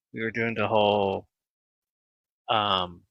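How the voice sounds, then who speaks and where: Podcast host guy, lively and laughy, bright crisp tone, kinda lo-fi. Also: lowish voice, extremely slow, no room sound. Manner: animated, laughs a lot, chatty with viewers. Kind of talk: casual live podcast chat. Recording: slightly dull lo-fi mic.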